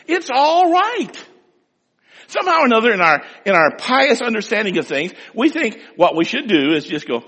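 A man preaches with a bright, husky voice whose pitch rises and falls freely. His talk rings with the long reverb of a large hall, and he speaks straight to the people in front of him. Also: normal speed. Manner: animated storytelling, acts out loud pleading prayers; speaks directly to the congregation. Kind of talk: sermon.

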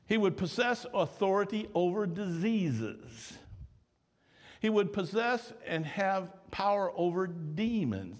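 A man's voice: sits high, animated, slow pace, big-room sound. A male pastor preaching conversationally, asking the congregation questions and retelling stories in dialogue. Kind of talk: sermon.

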